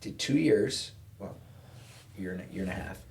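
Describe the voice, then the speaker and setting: A man with a fairly low voice tells a story in a relaxed podcast conversation. He is animated and acts out the people he quotes with changes in voice. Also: moderate pace, gravelly, slight background noise. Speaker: podcast guest. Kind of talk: casual storytelling chat.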